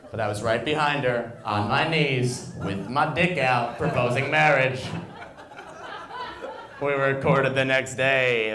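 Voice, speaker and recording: A man in his twenties doing an animated stand-up set in a bar, jumping into loud high voices for the people he quotes. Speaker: stand-up comedian. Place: bar and grill comedy night. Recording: echoey room, stage mic. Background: audience laughter.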